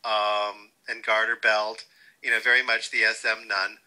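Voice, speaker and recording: An older man being interviewed, telling wry, lively stories and quoting people along the way. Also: lowish voice, a little slow, rough recording. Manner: wry, animated anecdotes with quoted voices. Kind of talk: storytelling interview.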